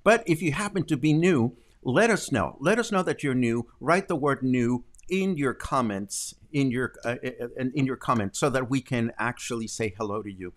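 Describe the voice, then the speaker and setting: A man's voice: medium pitch, lively intonation, moderate pace, few pauses. A middle-aged man hosting a daily live stream from home, chatting casually with viewers and rambling with many ums and self-corrections. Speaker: host.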